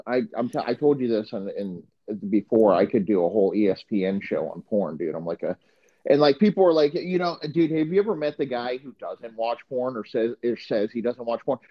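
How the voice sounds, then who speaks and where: A man's voice: medium pitch, expressive, fairly quick, highs cut off. A man, a podcast co-host and former football coach, telling crude stories in casual chat with many restarts.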